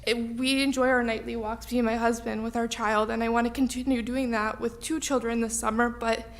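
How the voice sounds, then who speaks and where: A young woman giving a public comment at a village meeting, emotional and halting, close to tears, with many ums. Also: a little high, level tone. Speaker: resident speaking at public comment.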